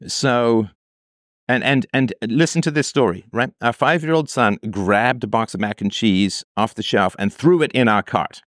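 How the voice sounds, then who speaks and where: A man's voice: mid-range voice, normal speed, no room sound, studio quality. A man hosting a commentary, reading out a parent's letter and arguing against it with rhetorical questions. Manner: argumentative, rhetorical questions, mocking quoted voices. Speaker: host reacting to a listener's letter.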